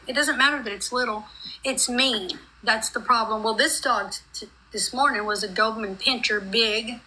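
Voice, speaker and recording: Bright-voiced woman, rambling and heartfelt. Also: on the high side, steady tone, normal speed, a little hiss or hum, rough recording. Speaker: guest on a group live stream. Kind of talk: emotional casual chat.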